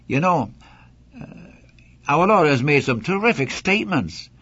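A man's voice: mid-range voice, very animated, moderate pace, a bit bright, slightly rough, no room sound. A man teaching a sermon-style Bible lesson in an earnest, emphatic way, speaking directly to the listener. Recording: dull dry old broadcast recording.

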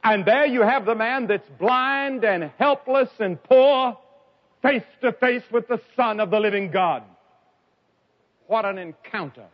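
A man preaching an evangelistic sermon, telling stories dramatically and swinging from loud cries to quiet lines. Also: measured pace. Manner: dramatic storytelling with sharp swings in pitch and loudness. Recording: dull lo-fi recording.

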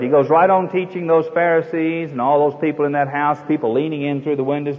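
Folksy male preacher, lively and high, telling a story in an echoey church hall on a dull recording. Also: a little fast, few pauses. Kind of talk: sermon.

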